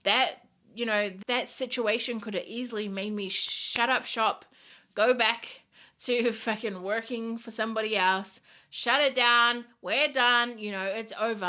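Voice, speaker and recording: A woman's voice: medium pitch, bright, forceful tone. A woman giving a candid, motivational vlog talk as a small business owner, swearing freely and speaking with emphatic drive.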